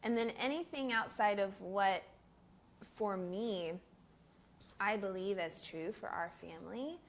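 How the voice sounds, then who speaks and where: A woman speaks as a guest in an interview, earnest and reflective, with a ready laugh. Her pitch sits in the middle range. A faint hiss of background noise stays under her voice. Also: measured pace. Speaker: guest, recording artist. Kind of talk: interview conversation.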